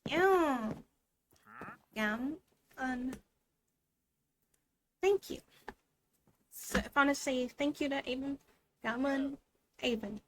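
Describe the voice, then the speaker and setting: A high-pitched woman chats through a casual streamed language lesson, playful and prone to giggles. She takes her time over each word. A faint hiss sits under the voice. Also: animated, unhurried, long pauses. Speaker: VTuber language teacher.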